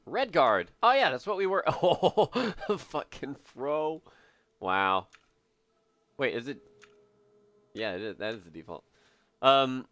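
A man streaming a video game, giving live commentary in an excitable, joking way as he thinks aloud. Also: mid-range voice, no echo.

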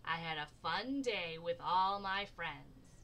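A woman's voice: on the low side, slow, sharp tone, slight background noise, heavily acted, poor audio. A woman doing a grumpy sleepy groundhog. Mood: cheerful.

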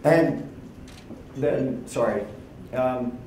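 A man's voice: mid-range voice, extremely slow, a little mellow, slight background noise. A man giving opening remarks at a conference, telling personal stories in a candid, conversational way and acting out quoted lines. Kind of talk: personal keynote storytelling. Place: conference hall. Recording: very echoey hall.

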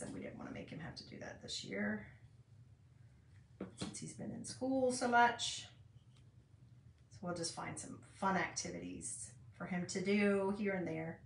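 A woman's voice: fairly low pitch, fairly bright tone, distant mic, a little hiss or hum. A woman in her fifties hosting a casual craft tutorial, chatting and rambling to viewers as she works at home. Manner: chatty, rambling, talks to viewers while working. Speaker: craft channel host. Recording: roomy echo, mic set back.

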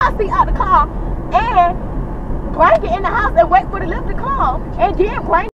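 A woman's voice: very high-pitched, animated, normal speed, a crowd in the background. A woman riding in the back of a car, venting on a phone call to a friend, profane and exasperated. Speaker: rideshare passenger on a phone call. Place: back seat of a moving car. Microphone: dashboard camera from across the car. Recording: distant, muffled in-car recording with road noise.

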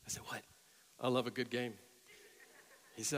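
Middle-aged male pastor, sermon, emphatic storytelling, tense bright tone, long church-hall reverb. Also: mid-range voice, level tone, moderate pace, long pauses. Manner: storytelling preacher, rising to loud emphatic peaks.

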